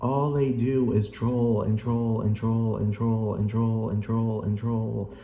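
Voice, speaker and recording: A man's voice: fairly low pitch, level tone, slow pace, vocal fry, mellow. Profane, exasperated man ranting. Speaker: vlogger. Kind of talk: ranting reaction commentary. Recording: roomy echo, faint background noise.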